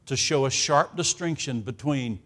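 A man delivers a sermon at a normal pace, emphatic and laced with sarcastic asides. His volume swings from hushed to booming.

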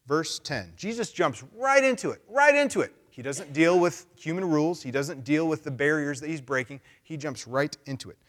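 A male pastor giving a casual, animated sermon, acting out voices as he goes. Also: fairly high pitch, normal speed, hardly any pauses. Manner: animated, conversational, acts out voices.

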